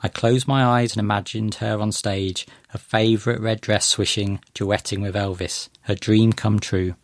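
A man reading a first-person short story aloud in a gentle, measured way. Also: on the low side, level tone, no room sound, studio quality. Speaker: narrator.

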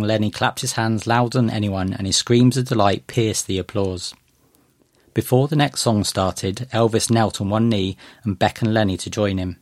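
A man reading a first-person short story aloud in a gentle, measured way. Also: on the low side, no echo, clean studio sound. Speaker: narrator.

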